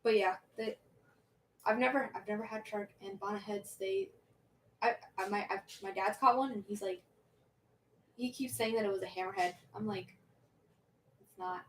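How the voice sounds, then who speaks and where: Young woman streamer, rambling, giggly chatter, mid pitch, distant mic with faint noise. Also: fairly even intonation, moderate pace, pauses often. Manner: rambling, self-interrupting, giggly. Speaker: livestream host. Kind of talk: casual chat reading viewer questions.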